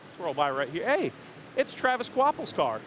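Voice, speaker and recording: A man's voice: high voice, huge pitch swings, normal speed, fairly bright tone. A man hosting a walking tour of a race garage, chatting upbeat and joking with crew members outdoors. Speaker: host. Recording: faint outdoor background noise.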